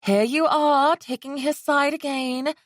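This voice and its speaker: A woman's voice: high voice, fairly even intonation, a little slow, no echo, clean studio sound, voice pushed up. Woman voicing a frightened young princess. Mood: eager.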